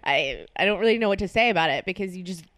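A woman's voice: on the low side, lively intonation, quick pace, a bit bright, no echo. A woman hosting a podcast in a casual chat from her apartment, hungover, joking at her own expense and laughing often. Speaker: podcast host.

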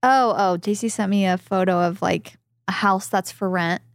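A woman's voice: medium pitch, moderate pace, no echo. Chatty woman podcaster, dry close sound. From Southern California. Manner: animated storytelling, quoting others in lively voices. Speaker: podcast co-host. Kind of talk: casual chat.

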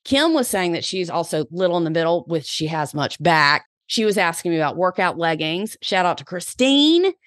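A woman's voice: on the low side, sing-song, normal speed, hardly any pauses, a bit bright, dry recording, studio quality. Chatty Southern woman podcast host. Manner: chatty, upbeat, slangy. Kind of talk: solo podcast chat.

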